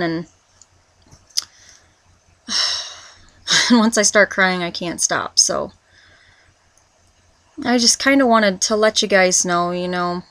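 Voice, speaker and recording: Woman, twenties, confessional vlog, halting rambling speech, middle pitch, dry close sound. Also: a bit bright, no room sound. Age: 20s. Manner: halting, rambling, with many restarts. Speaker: vlogger.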